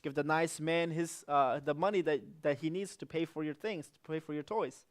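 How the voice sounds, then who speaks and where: A man's voice: steady tone, normal speed, close to an everyday voice. A man voicing a caring but firm mother in a sermon story. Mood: coaxing. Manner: coaxing, pitched up.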